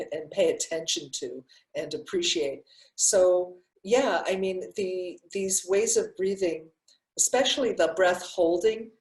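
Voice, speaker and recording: A woman's voice: fairly low pitch, darkish tone. An older woman, a breathwork teacher, answering questions in a live session and talking in a loose, rambling way with many restarts. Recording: echoey room.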